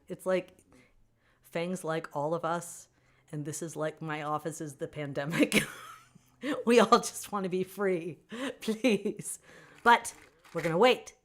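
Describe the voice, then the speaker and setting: A woman hosting a casual livestream Q&A for fans, answering viewer comments in an animated, opinionated way and laughing often. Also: fairly low pitch, measured pace. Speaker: author hosting a fan Q&A stream.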